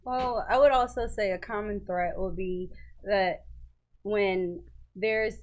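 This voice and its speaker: A woman's voice: mid-range voice, fairly even intonation, slow pace, darkish tone, muffled recording, a little hiss or hum. A young woman from New Orleans, a media worker, speaking as an easygoing guest on a radio interview with hesitant fillers. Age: young adult.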